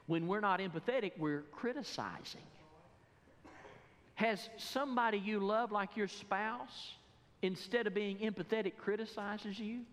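A male pastor preaching a sermon, animated, firing rhetorical questions at the congregation. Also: high-pitched, in a large hall.

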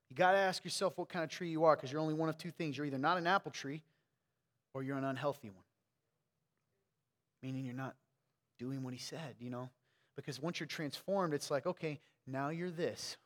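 A man preaching a casual, conversational sermon, swinging between quiet asides and loud emphatic peaks. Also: fairly high pitch, long reverb tail. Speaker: pastor.

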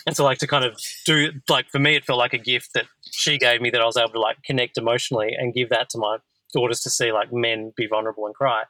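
A man in his thirties hosts a relaxed podcast conversation, wandering through his thoughts and leaning on filler words. His voice is bright and forceful. The sound is dry and close. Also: medium pitch, fast, dry recording, rough recording. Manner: rambling, heavy use of filler "like". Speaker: podcast host. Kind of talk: casual conversational chat.

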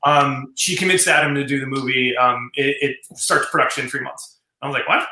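A man's voice: medium pitch, fairly even intonation, brisk, bright, forceful tone, reverberant, slight background noise, low-quality recording. A man telling stories as a screenwriter guest in an interview, rambling with many fillers and restarts. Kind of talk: casual storytelling in an interview.

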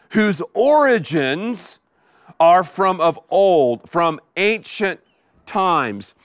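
A middle-aged man preaching in a high, lively voice that swings up and down, with slow deliberate pacing. He repeats key words for emphasis. The sound is dry and close. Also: clear, resonant tone, no room sound. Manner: animated preaching with emphatic repetition. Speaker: pastor. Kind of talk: sermon. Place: live before a congregation.

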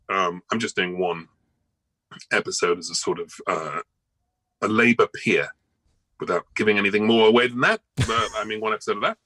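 A male actor speaks as a guest in a casual interview, rambling on with ums and restarts. His voice sits fairly low but sounds bright and forceful. It is recorded dry and close. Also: dry recording, low-quality recording.

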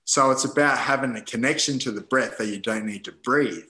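A man talking as a podcast guest, his voice bright and forceful at an ordinary pitch. He tells personal stories loosely, stringing thoughts together with "you know" and plenty of swearing. He often acts out what he was thinking in the moment. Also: brisk, reverberant, a little hiss or hum, poor audio. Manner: rambling, swears freely, many fillers like "you know". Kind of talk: casual storytelling in conversation.

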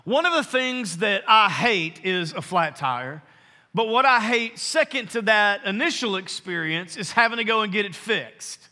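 A man preaching a sermon to his congregation, earnest and emphatic, slowing down to stress key phrases. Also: high-pitched, animated, sharp tone. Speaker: pastor. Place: church sanctuary. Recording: long hall reverb.

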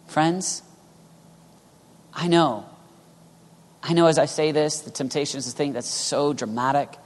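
A man's voice: a little high, unhurried. Male preacher for a sermon in a big reverberant hall; intense, moves from urgent to near-whispered. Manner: passionate, swings from loud urging to hushed whispers. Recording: long reverb of a large hall.

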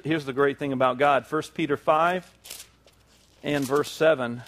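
A male pastor preaching a sermon to a congregation, building to emphatic peaks with repeated phrases. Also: a little high.

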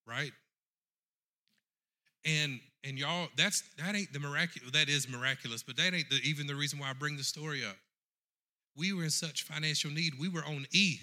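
Animated, bright-voiced man preaching. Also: on the high side, moderate pace. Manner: animated, addresses the congregation directly. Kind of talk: sermon storytelling.

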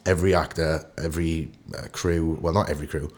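A man with a Welsh accent and a very low voice chats as a podcast guest. He tells his stories with animation, acting out the bits as he goes. He sounds like someone in his thirties. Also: a little fast. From Wales. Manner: animated storyteller who acts out anecdotes. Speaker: actor guest. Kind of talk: casual podcast interview.

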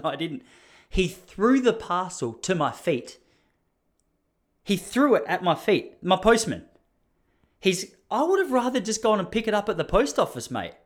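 A young Australian man telling a story in a casual, mock-indignant monologue. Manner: animated, mock-indignant, jumps up high when acting out others.

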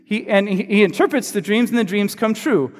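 A male pastor preaching a sermon in a relaxed, conversational storytelling way, acting out bits of dialogue. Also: high voice, fairly quick. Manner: conversational storytelling, acts out quotes. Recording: long reverb in a large hall.

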